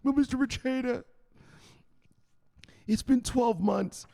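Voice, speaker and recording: A man's voice: very high voice, slow, gravelly, warm tone, voice pushed up, full character voice. A man playing a nervous male investor in a comic skit, pleading and stammering.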